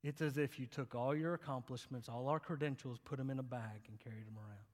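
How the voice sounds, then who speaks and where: A young adult male pastor preaching a sermon, swinging between loud emphatic lines and quiet, intimate asides with humorous personal stories. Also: mid-range voice, brisk. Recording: long hall reverb.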